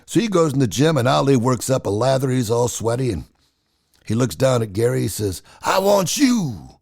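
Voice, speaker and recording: Gravelly older man telling stories. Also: mid-range voice, a little fast. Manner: animated, chatty storyteller. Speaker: storyteller. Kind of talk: casual personal storytelling.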